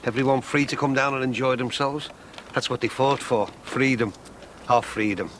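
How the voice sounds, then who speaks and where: A chummy, jovial middle-aged neighbour, played by a man. He has an average pitch, and faint noise sits behind him. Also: steady tone, normal speed, a bit bright, close to an everyday voice. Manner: matey, jovial.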